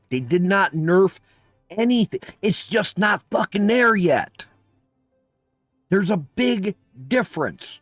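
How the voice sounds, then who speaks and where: Male live streamer, high and lively, unhurried, dry sound, faint music behind, blunt and sweary. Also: no room sound. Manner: emphatic, profane, exasperated rants. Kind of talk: casual live-stream chat.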